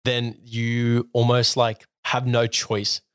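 A man's voice: medium pitch, completely flat delivery, slow pace, clean tone, dry recording, clean studio sound. Earnest rambling young man. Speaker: podcast co-host. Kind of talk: casual faith discussion.

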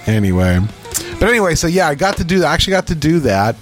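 Animated male podcast storyteller. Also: on the high side, fast, faint music behind. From Pennsylvania. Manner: animated storyteller, acts out quotes. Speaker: podcast co-host. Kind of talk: casual chat.

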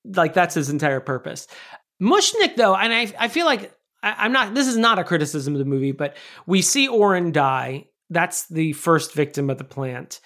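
A podcast co-host talks in casual, animated conversation with a mid-range voice. The delivery is emphatic, with casual swearing. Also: mid-range voice, moderate pace, few pauses. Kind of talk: casual chat.

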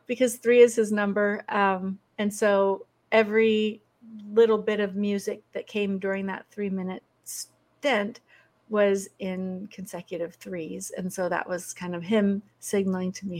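Animated storytelling middle-aged woman. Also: mid-range voice, unhurried. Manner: animated, laughs often while telling stories. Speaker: guest. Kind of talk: conversational storytelling.

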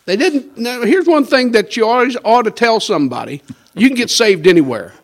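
A man's voice: very high-pitched, sing-song, a little fast. A man, a pastor telling his life testimony in a folksy, conversational way, acting out the lines of the people in his story and chuckling now and then. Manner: storytelling with quoted dialogue and chuckles.

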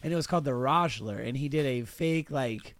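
A man's voice: medium pitch, a little fast, no room sound. Dry-sounding man in crude gossipy chat. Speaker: podcast co-host. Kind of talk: casual chat.

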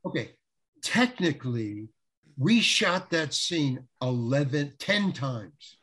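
A man's voice: on the high side, slow, breathy edge. A middle-aged man casually telling a long anecdote, laughing often and acting out what people said. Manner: animated storyteller, laughs often, acts out quotes. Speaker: guest telling a story.

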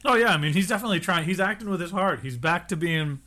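A man co-hosting a podcast, chatting casually and jokingly about an episode and slipping into quick impressions of characters. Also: sits high. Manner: joking, animated, recaps scenes with quick impressions. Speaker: podcast co-host. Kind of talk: casual recap chat.

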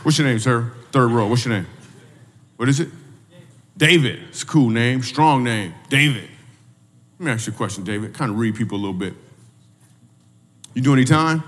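A man's voice: mid-range voice, moderate pace, pauses often, slight background noise. A male stand-up comedian doing crowd work on stage, teasing audience members and repeating his questions. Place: stage in a church hall. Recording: reverberant hall from a distance.

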